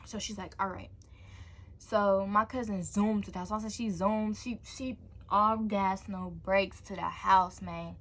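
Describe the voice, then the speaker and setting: A woman's voice: medium pitch, fairly even intonation, a little slow, fairly bright tone. A young woman tells a personal story on her vlog with loose, slangy energy. She sprinkles in casual asides as she goes, and her voice sits in a middling register. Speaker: vlogger.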